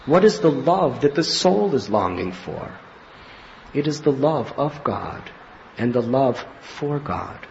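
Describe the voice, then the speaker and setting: A man giving a devotional spiritual talk as a teacher, telling anecdotes in an animated way and acting out scenes. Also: medium pitch, slow pace, a little hiss or hum. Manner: animated storyteller, acts out scenes with laughs and cries. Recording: slightly muffled lo-fi recording with faint ambience.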